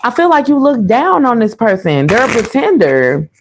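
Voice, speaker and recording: A woman's voice: on the high side, sing-song, moderate pace. A woman giving a casual, chatty tarot reading to her viewers, laughing often and calling them y'all. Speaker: tarot reader.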